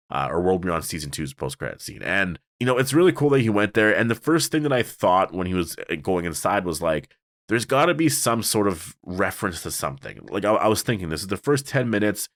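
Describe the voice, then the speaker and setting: Deep-voiced man rambling through a review. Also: a bit bright, dry recording, clean studio sound. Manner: rambling, many fillers and restarts. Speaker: TV show reviewer. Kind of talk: casual solo review.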